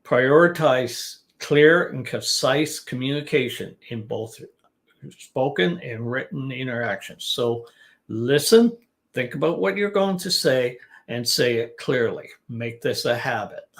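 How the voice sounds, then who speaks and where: A man teaches business English during a relaxed live stream, offering advice conversationally. He speaks slowly in a mid-range voice.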